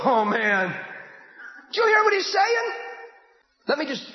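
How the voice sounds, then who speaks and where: A man preaching a sermon in a church, fervent and breaking into shouted bursts. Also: extremely high pitch, very animated, a little slow, long pauses. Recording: echoey church hall, dull lo-fi.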